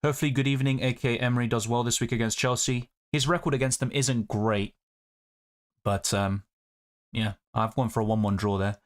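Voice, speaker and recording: A man's voice: medium pitch, fairly even intonation, fairly quick. A man, hosting a live stream and chatting through viewer questions and comments. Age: 20s. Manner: chatty, reads viewer comments aloud and answers them. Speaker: fantasy football streamer.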